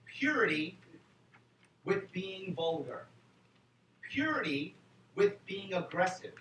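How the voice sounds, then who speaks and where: New man, high bright voice, joking convention speaker, miked from afar in an echoey hall. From New York City. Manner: animated, joking, fires rhetorical questions at the crowd. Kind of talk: political convention speech. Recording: echoey hall, far from the mic, faint noise.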